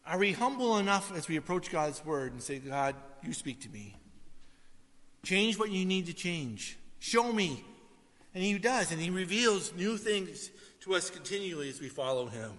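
Male pastor, slightly high, bright voice, preaching conversationally in a reverberant church hall. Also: sing-song, moderate pace. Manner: conversational storytelling with asides to the congregation. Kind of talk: sermon.

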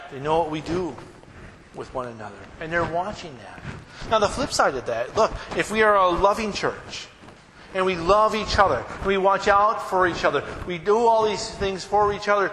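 A man preaching a sermon as pastor, animated and often checking in with his congregation. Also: high-pitched, normal speed, in a large hall, crowd noise, low-quality recording.

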